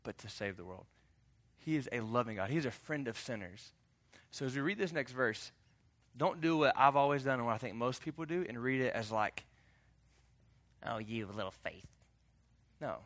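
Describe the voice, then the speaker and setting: A man preaching a sermon as pastor, animated and jokey in a conversational way. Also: mid-range voice, brisk.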